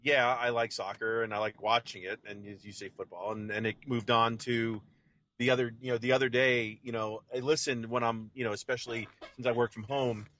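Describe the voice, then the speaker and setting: Bright-voiced man telling stories. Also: medium pitch, a little fast, lo-fi sound. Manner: animated, repetitive storyteller. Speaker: podcast co-host. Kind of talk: casual chat. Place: home office.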